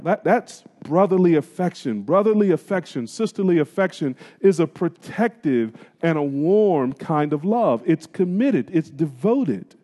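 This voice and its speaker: A man's voice: a little high, a little mellow. A man preaching a sermon, talking straight to his congregation in colloquial phrasing and asking them questions. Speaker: pastor. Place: church sanctuary. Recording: long reverb of a church hall.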